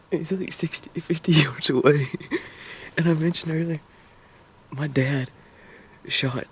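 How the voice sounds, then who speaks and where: A man with a Southern US accent telling, in a hushed and then excited voice, how a hunt went, from a tree stand in the woods. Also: medium pitch, a little hiss or hum. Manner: excited, breathless storytelling. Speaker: hunter filming his hunt. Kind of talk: whispered hunting vlog narration.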